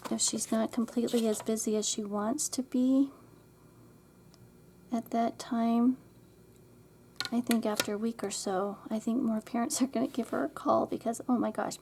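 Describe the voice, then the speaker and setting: A woman's voice: a little high, creaky, a little mellow, slight background noise. A middle-aged woman hosting a craft tutorial, chatting and rambling as she works and muttering to herself over her supplies.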